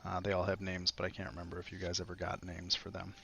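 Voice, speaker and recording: A man's voice: sits low, completely flat delivery, quick pace, vocal fry, sharp tone, a little hiss or hum. A man running a tabletop game as game master, narrating in a rambling way with many fillers.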